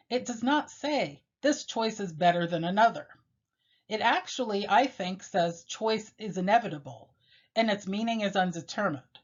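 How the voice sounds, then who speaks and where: A woman teacher giving a measured, explanatory lecture on a poem, pausing often with fillers along the way. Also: mid-range voice. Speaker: literature teacher. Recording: dull lo-fi recording.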